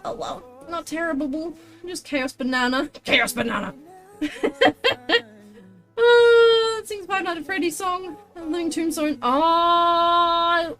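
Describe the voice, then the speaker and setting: A woman with a high, bright voice talks casually on a livestream as she works on a craft project. She reads out chat messages and answers them in a chatty, exclamatory way, with faint music playing under her voice. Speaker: streamer crafting a costume tail.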